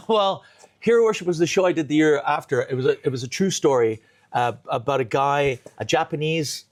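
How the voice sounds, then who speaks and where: A male comedian guest telling stories in casual conversation, animated and acting out the people he quotes. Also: on the high side. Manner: animated storyteller, quick to act out quotes.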